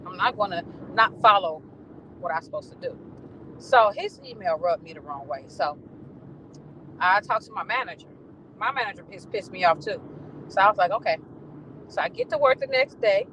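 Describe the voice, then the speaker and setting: Brief: lively woman vlogger telling a story with plenty of swearing, in a car with faint road noise behind. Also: mid-range voice, moderate pace, pauses often, rough recording. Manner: animated, profane storytelling. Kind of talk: casual venting monologue. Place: in a car on the ride home.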